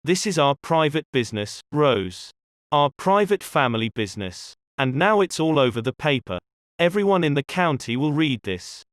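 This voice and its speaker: A man reading as a gruff, angry father. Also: very animated, normal speed, fairly bright tone, no echo, clean studio sound. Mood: aggrieved. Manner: gruff, scolding, low and pressing. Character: stern angry working-class father, adult man.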